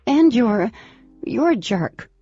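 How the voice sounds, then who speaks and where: A defiant teenage girl fires off loud, indignant comebacks, as a woman reader puts her on. Her pitch swings widely over a husky, gravelly tone. The recording is a bit lo-fi, with faint music underneath. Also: very animated, slow, dry recording, exaggerated voice.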